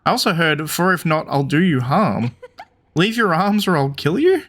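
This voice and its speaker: A man's voice: a little high, sing-song, normal speed, a bit bright, slight background noise. A man voicing a vain young woman singer in a game, self-satisfied and defensive. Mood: smug.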